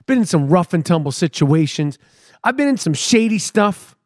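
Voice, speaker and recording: A man's voice: high-pitched, normal speed, dry recording, studio quality. A middle-aged man, hosting a podcast and telling a comic story with emphatic repetition and street slang. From New York City. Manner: animated, emphatic, repeats words for effect, street slang. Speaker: podcast host. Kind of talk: comedic storytelling monologue.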